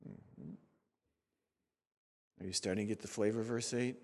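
A man in his sixties preaching a sermon as a pastor in an animated, sarcastic, conversational way. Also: fairly low pitch, moderate pace. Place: church sanctuary. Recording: reverberant church sanctuary.

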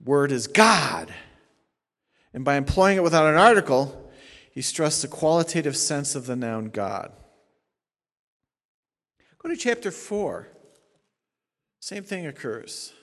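A man's voice: fairly high pitch, sing-song, takes it slowly, long pauses, fairly bright tone. A male pastor teaching a sermon, explaining Greek grammar point by point with emphatic stresses. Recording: long hall reverb.

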